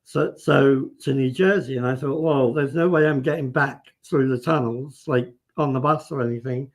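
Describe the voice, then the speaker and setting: Speaking at a medium pitch and normal speed, a man appearing as a guest on a live stream tells a story casually and vividly. He acts out what people said and keeps restarting his sentences.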